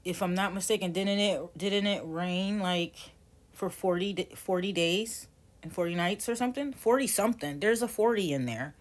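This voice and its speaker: A woman's voice: medium pitch, moderate pace. A woman in her forties teaching tarot casually, rambling and correcting herself as she goes. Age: 40s. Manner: rambling, self-correcting, chatty.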